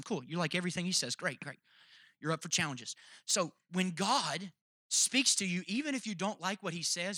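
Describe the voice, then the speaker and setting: A pastor delivers a sermon in a very bright, fairly high voice. He moves between hushed personal storytelling and soaring, forceful preaching. The recording is close and dry. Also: dry recording. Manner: storytelling that swells into loud, high-pitched preaching.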